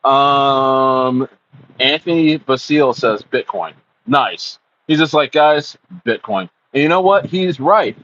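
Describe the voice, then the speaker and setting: A man's voice: medium pitch, slow, a bit bright, lo-fi sound. A man hosting a casual crypto livestream, reading chat comments aloud in a rambling way with many stammered restarts. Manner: rambling, stammering restarts, acts out voices in quotes.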